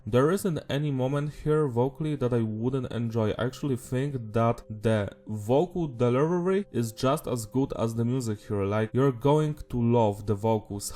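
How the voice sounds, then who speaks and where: A man's voice: medium pitch, warm tone. A man reviewing a metal album in a casual, enthusiastic way, gushing with praise. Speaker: music reviewer.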